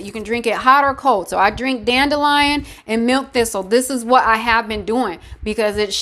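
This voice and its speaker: Encouraging woman health vlogger, slightly high voice. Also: a bit bright. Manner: encouraging, repetitive, emphatic. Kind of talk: casual talk to camera.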